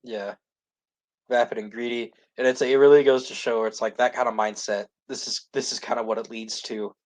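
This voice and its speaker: A man co-hosts a podcast, recapping a series in loose, rambling chat packed with "like" and restarts. His voice is medium in pitch and steady, and he talks a little fast.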